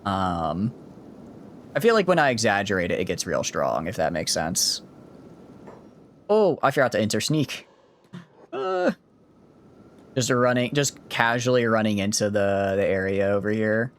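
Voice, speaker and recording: Lowish southern guy streaming a game, rambly, voice bounces all over. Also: very animated, a little slow, pauses often, a little hiss or hum. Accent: mild Southern US. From Southern United States. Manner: rambling, self-correcting, chatty. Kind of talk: casual gameplay commentary.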